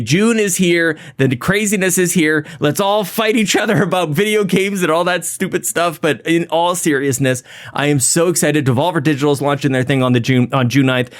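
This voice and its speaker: A man's voice: fairly high pitch, moderate pace. A man hosting a podcast, chatting casually and energetically through thank-yous and plans, rambling and laughing at himself. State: a little out of breath. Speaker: podcast host. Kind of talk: casual podcast intro and shout-outs.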